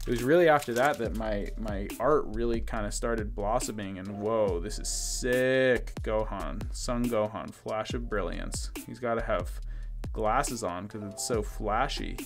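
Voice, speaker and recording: A young man hosting a card-opening video and telling a personal story in a loose, relaxed way full of ums and likes. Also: fairly low pitch. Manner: rambling, relaxed, frequent fillers. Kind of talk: casual story time while opening cards. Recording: music playing clearly behind the voice.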